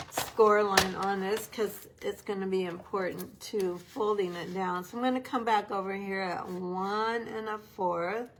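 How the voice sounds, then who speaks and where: A papercraft demonstrator with a mid-range voice gives a casual, upbeat tutorial, chatting away as she works with her hands. There's noise in the background.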